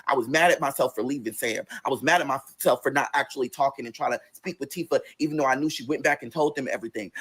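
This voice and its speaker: A man telling a personal story in a casual, profane way, his pitch swinging between low, quiet stretches and high, excited bursts. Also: breathy edge. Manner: acts out quoted voices in a high register.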